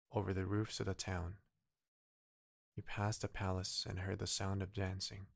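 Man, bedtime story reader, low gravelly voice, dry close sound, gentle and slow. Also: dry recording. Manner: gentle, unhurried. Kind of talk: soft bedtime story reading.

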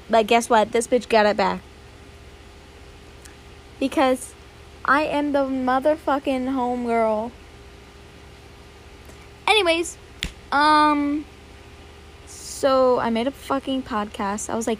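A woman's voice: sits high, slow pace, long pauses, slight background noise. A young woman hosting her own podcast, rambling and swearing a lot in a dramatic, casual chat. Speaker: podcast host.

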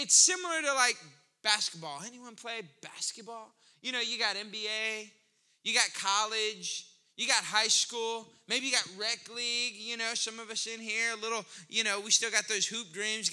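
Male pastor, very high voice, bright tone, animated conversational sermon delivery. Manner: conversational, animated preaching with rising emphasis.

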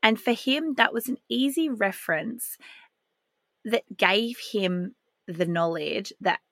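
A woman, hosting a solo podcast and speaking in a calm, earnest, reflective way. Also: mid-range voice, takes it slowly, no room sound. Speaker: podcast host.

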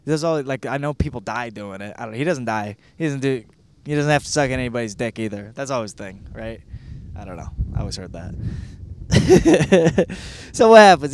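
A man's voice: mid-range voice, expressive, fairly quick, smooth. A man in his thirties from Michigan, hosting a podcast and reviewing a book in a rambling, profane, self-deprecating monologue. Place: California.

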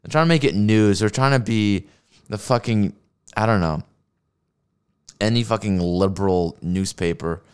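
A streamer watches videos and rants about them, cursing a lot and cracking himself up with sarcastic jokes, speaking into a desk microphone run through a mixer. His voice is lowish and clean, at a moderate pace with frequent pauses.

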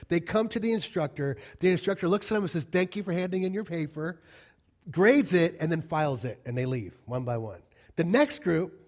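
Passionate pastor preaching, casual to fervent. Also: male voice, fairly high pitch. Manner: conversational and emphatic, building to loud passionate peaks. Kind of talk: sermon. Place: church.

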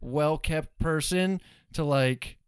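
A young man co-hosting a podcast, telling animated stories with frequent laughs in casual chat. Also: on the high side, slow pace, smooth, dry recording, clean studio sound. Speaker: podcast co-host.

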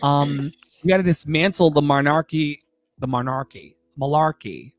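A fairly high-voiced man co-hosting a podcast, talking in an animated, emphatic and profane way. He reads passages aloud and reacts to them loudly. The sound is close and dry. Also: normal speed, no echo. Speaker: podcast co-host. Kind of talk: casual podcast chat, reading quotes aloud.

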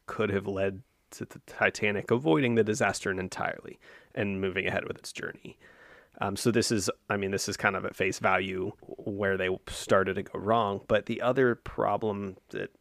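Low-voiced man explaining history on a podcast. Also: gravelly, fairly bright tone, no room sound, clean studio sound. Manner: explanatory, thinks aloud with fillers and restarts. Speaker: podcast co-host.

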